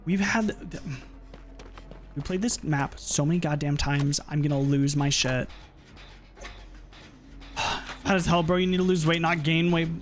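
A young man casually chatting and swearing while streaming a horror game, reacting loudly when frustrated. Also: fairly high pitch, unhurried, long pauses, soft background music. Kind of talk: casual gaming stream chat.

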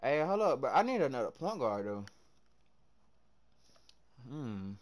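A young man from the American South streaming a game live, chatting with his viewers in hyped, slangy bursts that swing between loud and soft. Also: medium pitch, very animated, unhurried.

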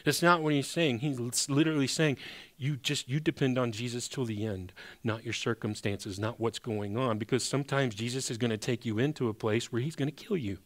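A male pastor delivering a sermon in a mid-pitched voice. His preaching is conversational yet emphatic, and he often backs up and restarts sentences as he drives his points home. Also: steady tone, a little fast.

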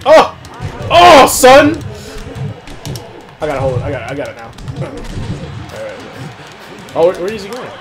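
A young man playing a wrestling game with a friend, shouting hyped reactions and cursing. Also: mid-range voice, very animated, moderate pace, pauses often. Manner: hyped, loud exclamations and cursing. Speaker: gamer. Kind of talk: excited co-op gameplay chatter. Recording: game music in background. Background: wrestling game music.

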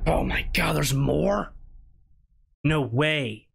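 A man playing a horror game and commenting as he goes, talking to himself and jumping to high squeals when scared. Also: normal speed, pauses often, background noise. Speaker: gaming YouTuber.

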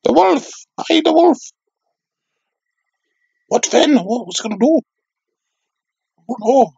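A cheeky, foul-mouthed comedy doll, put on by a man, chattering in a bouncy, sing-song voice with a gravelly edge. The sound is close and dry. It rambles and giggles through crude jokes. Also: very high voice, lively intonation, slow, a little mellow, no echo, lo-fi sound, heavily acted. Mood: giddy. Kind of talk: comedic puppet commentary.

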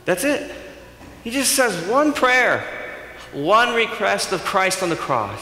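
A male pastor giving a sermon, in a conversational and animated way. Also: sits high, slow pace. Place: church sanctuary. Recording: echoey church hall.

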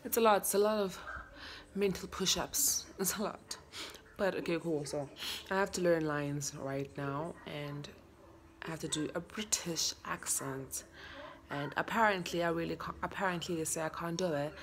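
A woman's voice: fairly low pitch, moderate pace, slight background noise. A young South African woman vlogging casually from home, playful and chatty, slipping Zulu words into her English. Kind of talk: casual selfie vlog. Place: at home, in bed.

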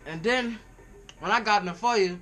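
Young guy vlogging, high bright voice, laughs a lot, faint music behind. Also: moderate pace. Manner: laughing often, relaxed slangy retelling. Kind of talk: casual storytelling.

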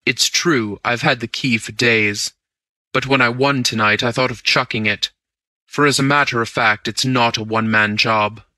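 A man voicing a cool, confident gentleman burglar who speaks low and measured, as in an audiobook. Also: steady tone, no room sound. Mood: conspiratorial. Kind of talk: audiobook character reading.

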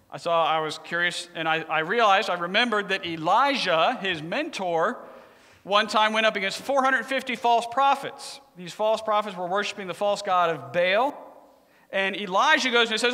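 Male preacher, humorous storyteller, high bright voice, long hall reverb. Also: moderate pace. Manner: joking, conversational, animated.

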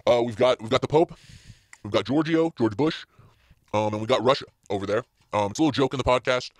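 A man's voice: medium pitch, brisk, dry recording, clean studio sound. A man hosting a casual solo podcast from inside a parked car, rambling along with plenty of fillers and restarts. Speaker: podcast host.

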